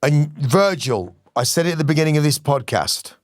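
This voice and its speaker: A man's voice: on the high side, lively intonation, moderate pace, no echo, studio quality. Sweary middle-aged man. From West Midlands, England. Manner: swearing, rambling, passionate. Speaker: musician guest. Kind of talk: casual interview chat.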